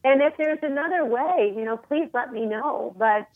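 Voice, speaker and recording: A woman's voice: sits high, moderate pace. Woman in her forties on a tinny phone line. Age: 40s. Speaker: interview guest. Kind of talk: phone interview.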